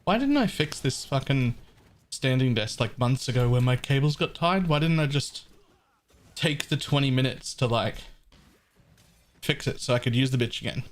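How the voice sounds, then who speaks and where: A man's voice: mid-range voice, expressive, moderate pace. Blunt, joking Australian man streaming. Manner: blunt, joking, swears freely. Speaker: game streamer. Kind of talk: casual live-stream chat. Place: home gaming room.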